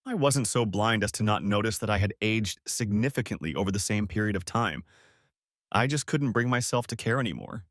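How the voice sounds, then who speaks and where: A man reads a first-person story in a measured, brooding way. His pitch moves a lot, and the recording is dry and close with no room sound. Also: lively intonation, a bit bright, dry recording. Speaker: story narrator. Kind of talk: first-person audiobook narration.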